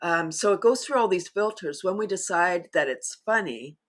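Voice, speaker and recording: A woman guest in a casual interview, talking enthusiastically and laughing often as she explains. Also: normal speed. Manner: animated storyteller, bursts higher and louder when excited. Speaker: guest, laughter yoga teacher.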